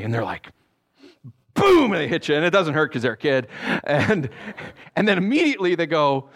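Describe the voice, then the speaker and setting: A male pastor preaching a sermon, reading Bible verses and cracking jokes in animated asides. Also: on the high side, normal speed.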